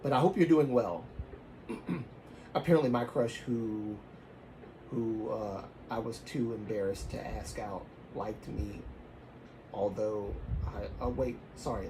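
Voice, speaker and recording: A man with a fairly low pitch and a Southern US accent takes his time telling a story on a livestream against a noisy background. His manner is rambling and casual, with frequent self-restarts and soft trailing off.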